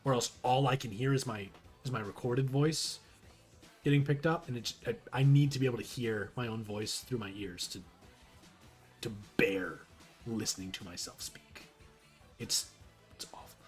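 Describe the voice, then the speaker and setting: A man's voice: medium pitch, moderate pace, long pauses, husky, faint music behind. A young man chatting casually on a live stream, rambling and self-deprecating, with frequent restarts. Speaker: streamer reading a webcomic aloud.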